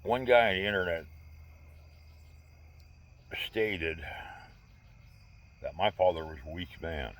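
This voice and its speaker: Very deep-voiced man in his sixties. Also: animated, takes it slowly, long pauses. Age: 60s. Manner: candid, rambling, with wry humor. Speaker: vlogger. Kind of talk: casual personal storytelling.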